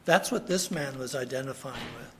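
A man's voice: medium pitch, moderate pace, a bit bright, a little hiss or hum. A man preaching a sermon in an earnest way, repeating his key phrases for emphasis. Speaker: pastor.

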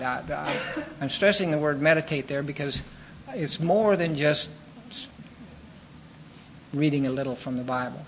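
Earnest preacher man, higher voice. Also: fairly bright tone, slight background noise, poor audio. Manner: earnest, measured teaching with frequent fillers and restarts. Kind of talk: sermon.

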